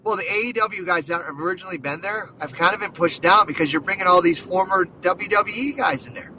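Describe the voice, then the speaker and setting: Excited high-voiced man chatting sports. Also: quick pace, recorded from a distance, slight background noise, poor audio. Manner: excited, rambling, lots of "dude" and "like". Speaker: podcast host. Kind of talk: casual sports chat.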